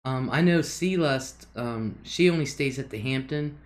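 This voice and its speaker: A woman's voice: a bass voice, a little slow. A woman hosting a casual livestream, chatting loosely, reading viewer comments aloud and laughing often. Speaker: livestream host.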